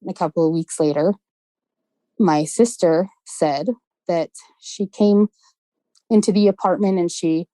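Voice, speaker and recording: A guest storyteller from West London, this woman recounts a ghost story from her childhood in casual, animated conversation, acting out the voices she quotes. Her fairly low-pitched voice moves at a measured pace with long pauses. There's no echo, but the audio is poor.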